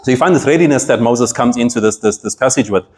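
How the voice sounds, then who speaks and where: A man's voice: mid-range voice, fast talker. A man preaching a sermon, reading scripture aloud and explaining it with earnest emphasis and frequent restarts.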